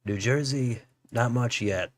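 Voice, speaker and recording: A man's voice: medium pitch, takes it slowly. A man hosting a political livestream, musing aloud as he reads out election results. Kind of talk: live election results commentary.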